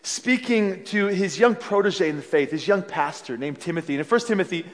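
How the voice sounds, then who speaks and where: A man preaching a sermon as a pastor, telling stories in an animated way with frequent restarts. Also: high voice, fairly quick. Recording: long reverb of a large hall.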